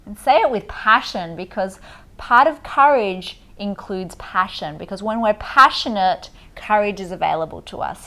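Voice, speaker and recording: A woman coaching listeners through a guided tapping meditation, giving slow, soothing instructions and affirmations. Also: mid-range voice, fairly bright tone.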